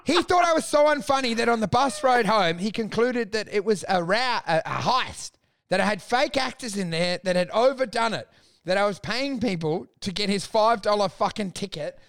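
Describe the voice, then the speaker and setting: A man with a notably high voice tells stand-up stories in a loose podcast chat. He swears freely and sounds exasperated, slipping into raised voices for the people he quotes. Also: moderate pace, gravelly, a bit bright, clean tone. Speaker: stand-up comedian telling stories. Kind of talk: animated storytelling, casual podcast chat.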